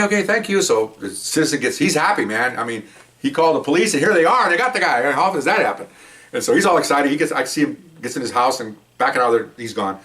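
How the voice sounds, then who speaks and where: An older man, a retired police officer, animatedly tells a personal story, acting out the scene with gestures. His voice is on the low side and sounds recorded from a distance.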